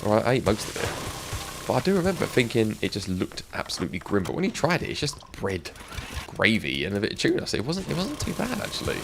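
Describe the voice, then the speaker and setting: A middle-aged English man chats with his stream audience, his low, gravelly voice swinging up and down as he laughs and reminisces. The recording carries clear background noise from the game running underneath. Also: wildly swooping pitch, brisk. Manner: chatty, reminiscing with chat, laughs often. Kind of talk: casual live-stream chat.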